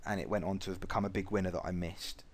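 A man's voice: low voice, fast. A man teaching traders in a blunt, profane way, telling stories from his own trading. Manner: blunt and profane, lively storytelling. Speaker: trading educator. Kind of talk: recorded trading lesson with anecdotes.

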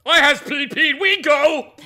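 A man putting on a dim-witted wanderer who talks in broken, excited baby talk. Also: extremely high pitch, unhurried, voice pushed up, full character voice. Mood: eager. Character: dim-witted caveman-talking male wanderer.

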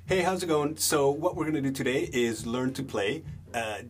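A young man teaching a beginner drum lesson, relaxed, chanting rhythm words slowly as he claps and plays. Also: medium pitch, slight background noise. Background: drums and backing music.

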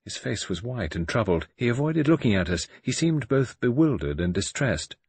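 A man's voice: mid-range voice, big pitch swings, moderate pace, darkish tone, slightly rough, no room sound. A man narrating an audiobook in the first person, reading dramatically and expressively.

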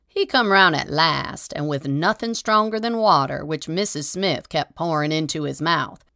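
A woman narrating a short story aloud in a steady, measured storytelling manner. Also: deep voice, creaky, no echo, studio quality. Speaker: audiobook reader.

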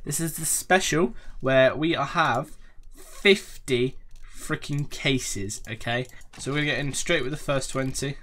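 Excitable young man commenting on a game. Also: medium pitch, measured pace, hardly any pauses. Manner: excitable, swears, chants impatiently. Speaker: gaming YouTuber. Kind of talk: casual commentary over case opening.

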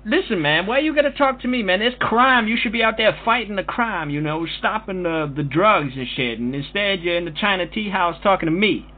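A man's voice: high-pitched, expressive, a little fast, hardly any pauses. A man making a prank phone call, talking in a brash, taunting, profane way. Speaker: prank caller. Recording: tinny phone line with faint noise.

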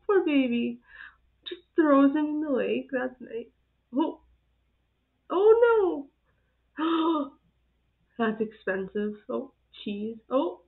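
Giggly high-voiced woman, tinny phone-like sound. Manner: giggly, gushing exclamations. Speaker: channel host reacting to videos. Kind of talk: casual reaction commentary.

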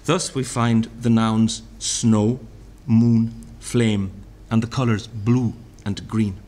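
A man reading a lecture aloud at a literary festival. He speaks deliberately, sounding out vowels and repeating lines he recites. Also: on the low side, flat delivery, warm tone. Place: hotel function room.

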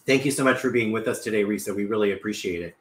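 This middle-aged cooking show host runs a live stream in his home kitchen, reading out viewer comments in a cheerful, talkative way. His fairly low voice races along, and the recording is reverberant.

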